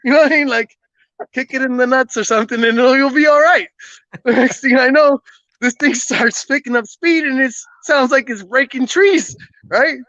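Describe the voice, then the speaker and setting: A man tells a story in a casual podcast chat, animated and quick to laugh, acting out the lines of everyone involved. His voice is bright and sharp. The recording is dry and a little dull and lo-fi. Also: extremely high pitch, no echo. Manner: animated, laughs often, acts out dialogue. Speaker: guest telling a personal story.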